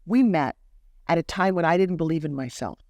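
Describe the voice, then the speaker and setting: A woman guest in an interview, telling a story with animated energy and acting out the other people's lines in lively voices. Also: deep voice, a little fast, no echo, clean studio sound. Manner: acts out quoted dialogue in lively voices. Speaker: guest entrepreneur.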